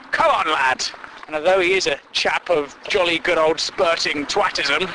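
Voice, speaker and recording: Man, comic monologue, sweary, chuckles a lot, slightly high voice. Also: sharp tone, slight background noise, rough recording. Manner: sweary, self-amused, chuckling at own jokes.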